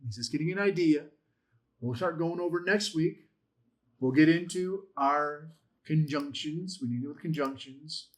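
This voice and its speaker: A man's voice: on the high side, moderate pace. A man teaching a Bible language class in a conversational, encouraging way, joking with his students. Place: church classroom.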